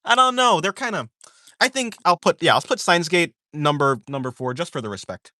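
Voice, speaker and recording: A man's voice: on the high side, sing-song, a little fast, pushed and bright, dry recording, studio quality. A man chatting casually on a livestream, reading viewer questions aloud and answering them in a rambling way, full of fillers and self-corrections. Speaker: art streamer chatting with viewers.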